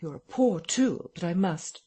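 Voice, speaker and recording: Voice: mid-range voice, lively intonation, measured pace, warm tone, slightly rough, pitched above the performer's own voice. A reader voicing an invisible man who speaks in curt, cold threats. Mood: threatening. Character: invisible man, menacing and impatient.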